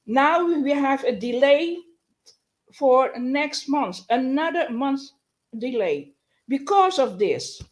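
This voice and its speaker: Woman host, live stream: slow, halting, high-pitched, exasperated. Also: expressive, a little hiss or hum, low-quality recording. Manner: halting, stumbles and restarts often; exasperated, complaining. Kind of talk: live stream news update.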